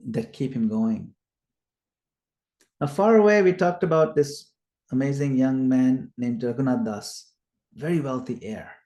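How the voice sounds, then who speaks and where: A man teaching a scripture study class, retelling the stories in a lively way and acting out the quoted lines. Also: mid-range voice. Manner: animated retelling, acts out quoted lines loudly. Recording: echoey room.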